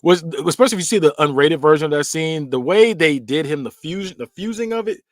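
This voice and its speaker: A man hosting a podcast, casually recapping film scenes with vocal sound effects. His pitch swings widely as he tells the story. The recording is dry and close. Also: lively intonation, fast, no echo. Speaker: podcast host.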